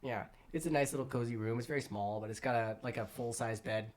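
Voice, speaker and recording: A man at an average pitch, running a tabletop game as game master. He describes scenes loosely and hesitantly, with plenty of ums and likes. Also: fast talker.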